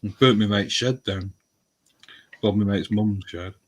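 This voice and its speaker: Husky, low man chatting easily. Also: unhurried. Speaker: co-host. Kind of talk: casual chat.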